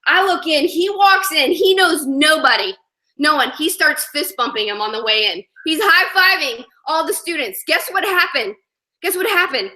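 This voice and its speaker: Bright, high-voiced energetic woman speaker. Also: moderate pace. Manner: energetic, repeats "you know what I mean". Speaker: motivational speaker. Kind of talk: live motivational talk to an audience.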